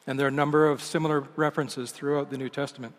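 A man preaching a sermon as pastor, with a measured, emphatic delivery whose lines fall away at the ends. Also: mid-range voice, little pitch movement. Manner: measured, emphatic delivery with falling line endings. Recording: long reverb of a large church hall.

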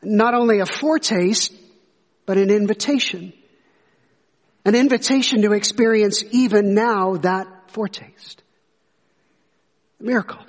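Male pastor, high voice, earnest storytelling sermon, church hall reverb. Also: measured pace, pauses often. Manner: earnest storytelling, rhetorical questions.

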